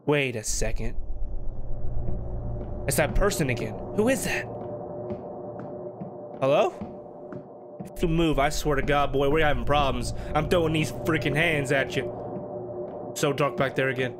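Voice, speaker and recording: A man's voice: on the high side, unhurried, pauses often, noisy background. A man commenting on a horror game he is playing, rambling jittery self-talk. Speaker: let's play gamer. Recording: game music behind.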